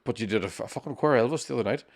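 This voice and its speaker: This is a young Northern Irish man co-hosting a comedy podcast, swearing freely and joking in a loose, chatty way. His voice sits at an ordinary middle pitch for a man. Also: rapid-fire, gravelly. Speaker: podcast co-host. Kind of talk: casual comedic chat.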